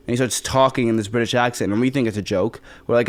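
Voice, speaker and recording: This actor, a twentysomething from the Bronx in New York, talks very fast at medium pitch with hardly any pauses. Chatting casually as an interview guest, he rambles, full of fillers and false starts.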